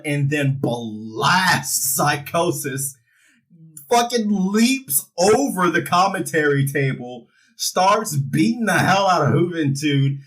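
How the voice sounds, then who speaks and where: A man's voice: fairly high pitch, fairly bright tone, poor audio. Guy recapping wrestling, joking around and cursing, casual vlog talk. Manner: irreverent, joking, swears freely. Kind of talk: casual show recap with acted quotes.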